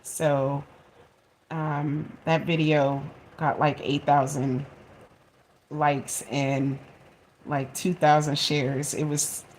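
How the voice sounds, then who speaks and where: A woman in her forties telling a funny home story to her viewers in a chatty, expressive way and laughing at herself. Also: deep voice, drawn-out words, a little hiss or hum. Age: 40s. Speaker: vlogger. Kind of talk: casual storytelling to camera.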